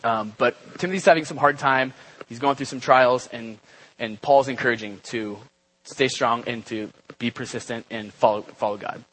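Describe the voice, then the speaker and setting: Young man, husky voice, casual sermon, conversational, frequent fillers. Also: medium pitch, moderate pace, poor audio. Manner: relaxed and conversational, many fillers and asides. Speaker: speaker giving a church talk. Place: church gathering.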